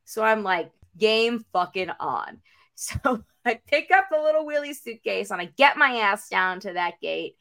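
Bright, animated woman telling a story. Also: fairly high pitch, normal speed, vocal fry. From North Carolina. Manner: animated storyteller who acts out the other people's voices and swears freely. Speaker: podcast co-host. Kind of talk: casual storytelling chat.

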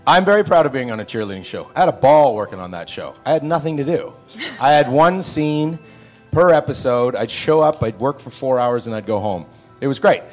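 A man on a convention panel telling long stories, lively and acting out the voices of the people he quotes. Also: medium pitch, a little fast, soft background music. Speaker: panel guest actor.

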